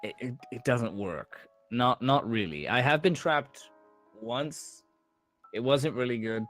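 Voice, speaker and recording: A man guesting on a podcast about his VR prank videos, talking in a casual, animated way with frequent laughs. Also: faint music behind. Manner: animated, laughing, fast pitch jumps. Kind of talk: casual chat.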